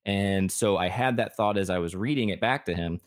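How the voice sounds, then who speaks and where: Low-voiced man telling a rambling story. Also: fairly quick. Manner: rambling, acts out quoted dialogue. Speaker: podcast co-host. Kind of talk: casual storytelling chat.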